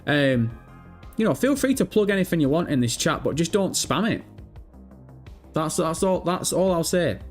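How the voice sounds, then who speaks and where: A man's voice: fairly high pitch, expressive, normal speed, pauses often, soft background music. A man hosting a live stream, casually chatting and reading out viewer messages with self-mocking, sweary banter. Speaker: livestream host.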